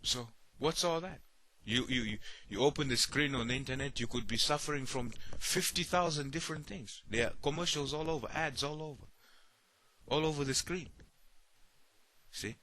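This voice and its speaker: A man's voice: mid-range voice, normal speed, sharp tone. A man preaching a sermon, often repeating himself and asking "you see?", acting out the worried voices of others.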